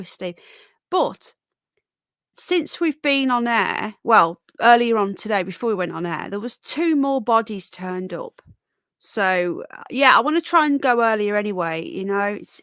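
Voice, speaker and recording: With a voice pitched a little high and no echo, a woman chats casually on her live podcast from her bedroom, perched on her bed with her own camera-setup microphone. She rambles and warmly greets chat members by name.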